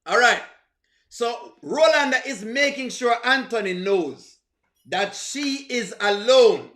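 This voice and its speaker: In an echoey room, a Jamaican-accented man hosts a live reaction stream, teasing and greeting viewers in the chat. His voice is extremely high, fairly bright, and lively in intonation, though he speaks slowly.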